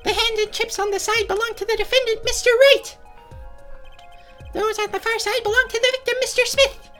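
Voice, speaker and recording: Someone doing a squeaky smug prosecutor. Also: steady tone, brisk, fairly bright tone, soft background music. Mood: pompous.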